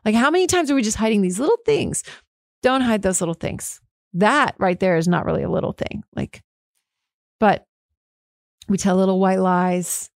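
A woman's voice: mid-range voice, lively intonation, normal speed, vocal fry, long pauses, no room sound, studio quality. A woman hosting her own podcast, talking candidly and frankly on her own, fired up and swearing now and then. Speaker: podcast host. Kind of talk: candid solo talk.

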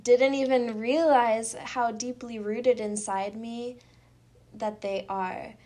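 A woman's voice: on the high side, steady tone, slow, warm tone. A woman in casual conversation, speaking reflectively and telling a personal story.

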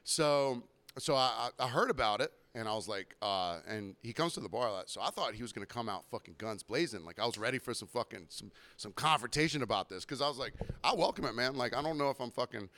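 A man's voice: medium pitch, lively intonation, fast talker, fairly bright tone, dry recording. A man hosting a podcast, telling a story in casual chat, rambling and swearing often. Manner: profane, rambling, with acted quotes. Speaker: podcast host.

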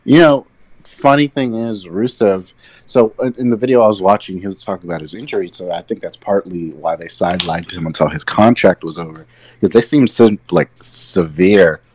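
A man with a lowish voice chatting on a podcast. He recounts things he's seen in a loose, easygoing way, peppered with "like" and "you know.". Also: moderate pace, breathy edge, rough recording. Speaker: podcast co-host. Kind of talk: casual chat.

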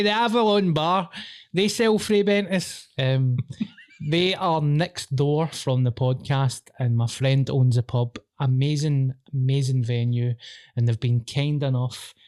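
A man's voice: mid-range voice, measured pace, darkish tone, no echo, clean studio sound. A man with a Glaswegian accent hosting a podcast, telling sweary stories and laughing often in casual chat. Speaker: podcast host.

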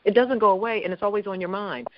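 A high-voiced man from Philadelphia hosts an interview and keeps encouraging his guest. He repeats phrases for emphasis. The recording is dry and dull. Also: fast, no echo. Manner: affirming, repeats phrases, laughs often. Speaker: interview host.

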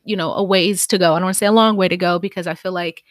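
A young adult woman co-hosting a podcast in casual chat, reflective and soft-spoken, pausing to gather her thoughts. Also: lowish voice, steady tone, no echo, studio quality. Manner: reflective and soft-spoken, pauses to think, gentle laughs. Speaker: podcast co-host.

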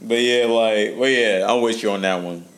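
A man's voice: lowish voice, fairly even intonation, moderate pace, fairly bright tone. A man hosting a casual podcast chat, laid-back and slangy, laughing often. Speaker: podcast host.

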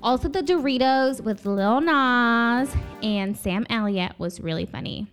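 A woman's voice: a little high, unhurried, faint music behind. A young woman co-hosting a podcast, chatting casually and giggling, with lots of filler words. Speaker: podcast co-host. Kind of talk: casual chat.

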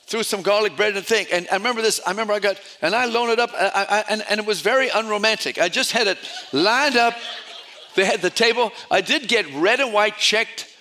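A man's voice: high-pitched, brisk. A man preaching a sermon, telling stories animatedly and often repeating his words. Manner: animated storytelling with repetitions.

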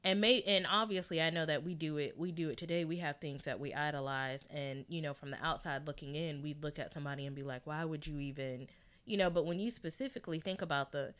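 A woman with a fairly low voice talks animatedly in a casual Bible study, slipping into imagined quotes as she makes her point. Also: fast talker, fairly bright tone, clear, resonant tone.

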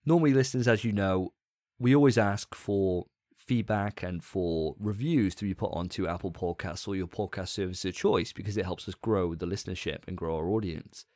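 A man hosting a podcast in casual chat, animated and often laughing. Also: low voice, dry recording, studio quality. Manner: animated, laughing, quick asides. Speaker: podcast host.

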